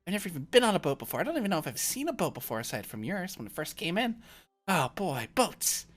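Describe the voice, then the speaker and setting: A woman voicing a giddy, wide-eyed young boy who is eager and full of excited questions. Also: fairly low pitch, fast talker, voice pushed up.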